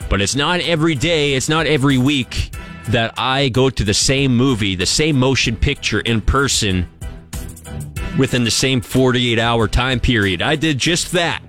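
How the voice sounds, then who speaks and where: A man's voice: medium pitch, fairly bright tone. A young man from Canada hosting a sports radio show, chatting casually and joking at his own expense. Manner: chatty, joking, self-deprecating.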